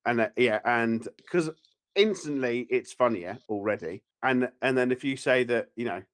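A man's voice: medium pitch, moderate pace. A man co-hosting a podcast in casual chat, rambling and teasing, often laughing. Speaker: podcast co-host.

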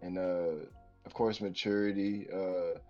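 A man co-hosting a casual podcast, talking slowly and reflectively with casual slang. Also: sits low, steady tone, warm tone, faint music behind. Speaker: podcast co-host. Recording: dull lo-fi sound.

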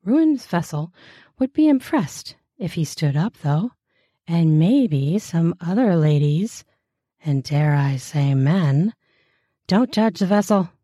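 A woman reading explicit first-person fiction aloud, with a slow, deliberate delivery and crude, mocking asides. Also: fairly low pitch, animated, mellow, dry recording, studio quality.

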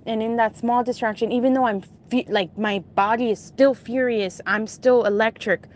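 A woman casually retelling a vivid dream, halting with restarts and asides. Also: fairly high pitch, fairly even intonation. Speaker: storyteller.

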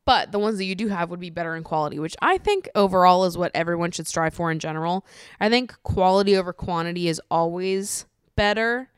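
A woman hosting a solo podcast, chatting casually with lots of swearing, laughter and animated ranting. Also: lowish voice, fairly quick, clean tone, no room sound, studio quality. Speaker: podcast host.

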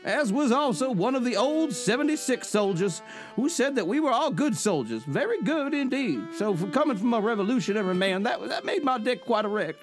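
A man voicing a crude Civil War soldier's letter home, read slowly in a hammy, mock-formal put-on Southern accent. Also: high voice.

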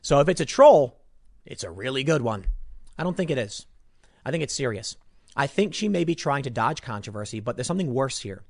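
A man delivering opinionated commentary, sarcastic and mocking, swinging between loud outbursts and muttered asides. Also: mid-range voice, very animated, fairly quick, gravelly, no room sound, studio quality.

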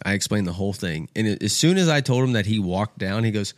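A man's voice: on the low side, quick pace, hardly any pauses, no echo. Casual, swearing young man telling a story. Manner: animated, swears freely, acts out quoted voices. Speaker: podcast guest.

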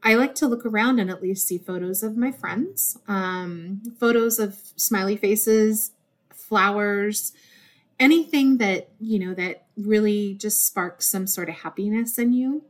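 A podcast host, an adult woman with a desk job, speaks in a medium-pitched, slightly slow voice. Her rambling monologue is warm and heartfelt, and she gets teary easily.

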